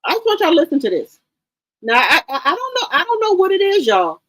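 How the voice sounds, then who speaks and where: A woman's voice: very high-pitched, wildly swooping pitch, quick pace, a bit bright. A woman hosting a casual commentary show, talking straight to her viewers in an emphatic, repetitive way. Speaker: host.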